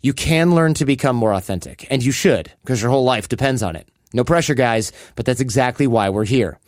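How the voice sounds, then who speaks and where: A man with a middle-pitched voice reads sponsor spots on his podcast, loose and chatty, jumping into quick playful voices for quoted bits. The sound is dry and close, with no room around it. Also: lively intonation, no echo. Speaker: podcast host reading sponsor ads. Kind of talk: casual ad read with banter.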